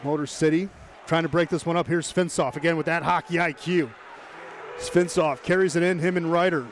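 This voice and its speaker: Man, hockey play-by-play commentator, brisk, chatty, slightly high voice, faint background noise. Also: fairly even intonation. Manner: brisk, chatty, joking asides with the chat.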